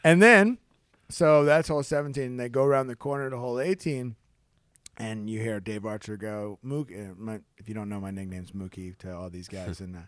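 A man co-hosting a podcast, telling stories in a casual, animated way. He acts out the people he quotes in a high, excited voice and often restarts his sentences. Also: normal speed, dry recording, clean studio sound. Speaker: podcast co-host. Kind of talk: casual storytelling chat.

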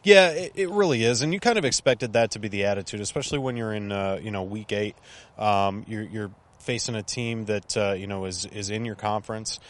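Low-voiced Southern American man, relaxed. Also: fairly quick. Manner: relaxed, hesitant, many fillers. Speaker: co-host. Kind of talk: casual sports podcast chat.

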